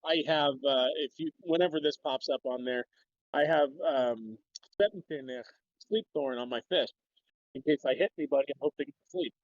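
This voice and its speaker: A man's voice: fairly high pitch, moderate pace, no room sound. Minnesotan man on a muffled call. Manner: loose, profane, rambling. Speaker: guest. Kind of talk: casual livestream discussion.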